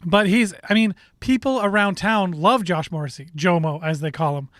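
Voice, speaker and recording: A man's voice: high-pitched, moderate pace, fairly bright tone, no echo, studio quality. A man with a Canadian accent co-hosting a sports show, talking casually and rambling with restarts and strong opinions.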